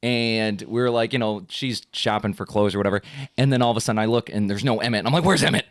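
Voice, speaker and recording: A man's voice: fast, dry recording, studio quality. A man in his thirties hosting a podcast, telling stories in casual chat and acting out quoted lines in a raised voice. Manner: animated storyteller, acts out quotes in a high voice. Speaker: podcast host.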